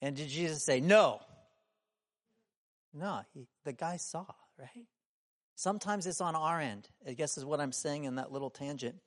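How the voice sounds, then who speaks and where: A man with a notably high voice delivers a sermon in a relaxed, conversational way. He keeps asking his listeners questions and acts out the people in his story, sometimes raising his voice to a shout. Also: moderate pace. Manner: conversational, asks the room many questions. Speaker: preacher.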